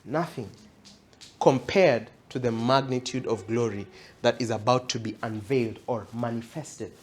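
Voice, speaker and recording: A man delivers a sermon with emphatic, repeated appeals to his listeners. His pitch sits in an ordinary middle range. He speaks at a church event. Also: moderate pace. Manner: emphatic, repeats questions to the audience. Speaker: preacher.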